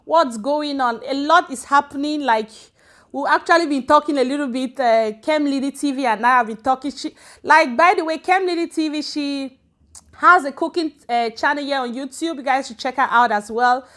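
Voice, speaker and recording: A woman's voice: high voice, moderate pace. A woman from Cameroon hosting her own live stream, chatting casually and greeting viewers by name as they join. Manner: chatty and warm, switching between English and Swedish, greeting commenters by name. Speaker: channel host on a live stream.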